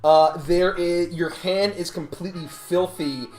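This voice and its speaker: A woman narrating a tabletop game as game master, halting with many fillers. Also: lowish voice, steady tone, darkish tone. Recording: echoey room with music behind.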